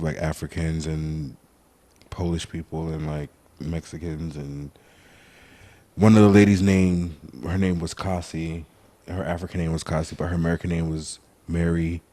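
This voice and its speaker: A man with a very deep, low voice chats casually as a podcast co-host. He is playful and sassy, laughs a lot and often lets his voice sink low at the end of a thought. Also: level tone, normal speed, mellow. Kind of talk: casual chat.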